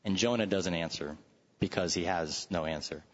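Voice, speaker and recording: A man's voice: deep voice, normal speed. A man talking through scripture in a Bible study discussion, in a thoughtful way with frequent restarts. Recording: dull recording with long hall reverb.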